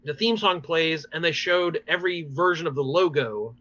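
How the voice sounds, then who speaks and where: Podcast guy with a bright, tense voice, a bit high, rambling on about episodes, dry dull lo-fi sound. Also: moderate pace, no room sound. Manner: animated, rambling recaps with many fillers and laughs. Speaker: podcast host. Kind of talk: casual chat recapping TV episodes.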